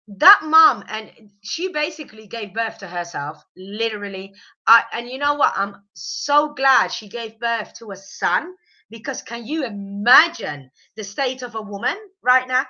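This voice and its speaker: A woman's voice: on the high side, sharp tone, muffled recording. A woman with a slight cold, chatting in an opinionated way as she reviews a reality show. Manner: chatty, opinionated, quick to mock. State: has a cold. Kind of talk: casual review chat.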